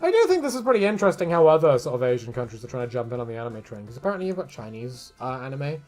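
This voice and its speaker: Brief: streamer, animated up-and-down delivery, loose and sweary, faint music underneath. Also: medium pitch, rapid-fire. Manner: laughs often, swears casually, rambling. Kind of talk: casual stream chat while drawing.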